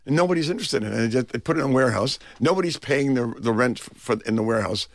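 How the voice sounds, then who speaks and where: A man's voice: mid-range voice, rapid-fire, vocal fry. Older man telling rambling film anecdotes. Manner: rambling, animated anecdotes with many restarts. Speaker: guest film director. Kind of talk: anecdotal storytelling interview. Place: radio studio.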